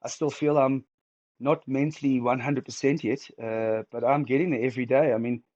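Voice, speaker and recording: A middle-aged man speaking candidly as an interview guest, halting and emotional, close to tears and restarting his sentences often. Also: medium pitch, fairly even intonation, darkish tone, dry recording, lo-fi sound.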